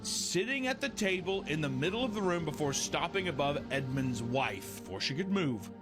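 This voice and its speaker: A man's voice: fairly high pitch, big pitch swings, normal speed. Man reading a ghost story over music. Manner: storytelling, chatty asides. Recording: music playing behind.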